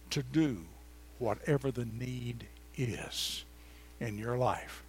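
A man, preaching a sermon in a church and telling personal stories in a folksy, chatty way, swinging from loud exclamations to quiet asides. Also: mid-range voice, takes it slowly, slightly rough. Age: 70s. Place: church before a congregation.

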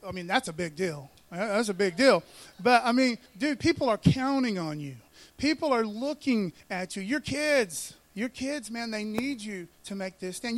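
A man preaching a casual sermon, animated and full of slang, often calling listeners "man" and "dude". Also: very high-pitched, no room sound. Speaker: pastor.

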